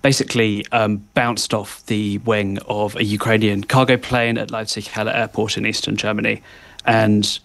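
A male foreign correspondent giving articulate, analytical explanations on live radio, pausing now and then with "um". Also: on the low side, little pitch movement, creaky, a bit bright, no room sound. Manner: articulate, analytical, with occasional "um" pauses.

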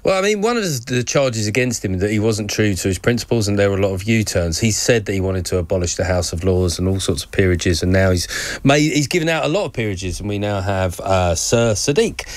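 A man hosting a radio current-affairs show, playful and quick to laugh at himself as he runs a quiz. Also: on the low side, lively intonation, no room sound.

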